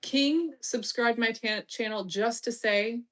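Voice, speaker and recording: A woman's voice: a little high, takes it slowly, fairly bright tone. A woman hosting a casual live stream, reading chat with teasing, bossy remarks and swearing while distracted and muttering to herself. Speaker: livestream host reading chat.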